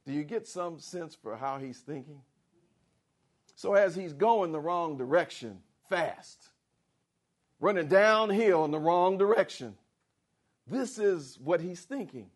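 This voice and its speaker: A man's voice: a little high, unhurried. A male preacher giving a theatrical sermon, acting out the characters as he goes. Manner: animated and theatrical, acts out the characters.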